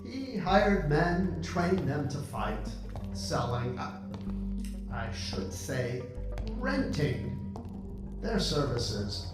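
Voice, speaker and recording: An actor playing a suave, pompous henchman who gives a tour in a smooth, lecturing manner. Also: a little high. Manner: smooth, lecturing, self-satisfied. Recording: echoey room with music behind.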